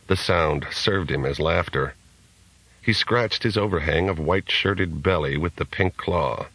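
A man narrating a novel as an audiobook in a measured reading. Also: low-pitched, a bit bright, slightly rough, no echo, low-quality recording. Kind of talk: scripted narration.

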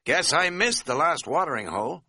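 A man's voice: fairly high pitch, lively intonation, normal speed, bright, forceful tone, breathy edge, dry recording, clean studio sound, pitched above the performer's own voice, exaggerated voice. A man voicing a scatterbrained middle-aged hiking buddy who talks in a folksy, rambling, self-mocking way. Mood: cheery relieved. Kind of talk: audiobook character voice.

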